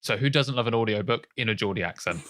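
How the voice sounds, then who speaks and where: A man's voice: fairly low pitch, fast, fairly bright tone. A man co-hosting a podcast in a casual chat, playful and teasing, laughing often. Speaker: podcast co-host.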